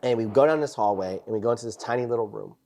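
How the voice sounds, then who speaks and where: A man's voice: fairly low pitch, rapid-fire, vocal fry, warm tone, slight background noise. A young man hosting a casual chat, telling rambling, profane war stories full of "bro" and "dude". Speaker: podcast host, former Marine.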